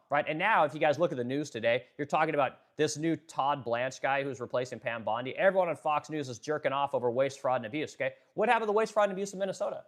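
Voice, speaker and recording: A man hosting a political livestream, ranting, swearing freely, using many fillers, and stopping to read and answer viewer chat. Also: medium pitch. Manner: fast-talking, ranting, profane, filler-heavy. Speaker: livestream host.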